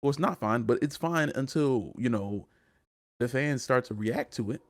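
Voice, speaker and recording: A man's voice: medium pitch, lively intonation, normal speed. A man co-hosting a wrestling podcast, ranting in casual chat and often repeating his words. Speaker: podcast co-host.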